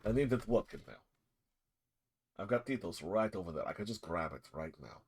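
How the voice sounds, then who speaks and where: A man's voice: low voice, fairly quick, husky. Laid-back man running a tabletop game. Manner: relaxed, swearing, self-mocking. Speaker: game master. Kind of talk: casual streaming chat between game turns.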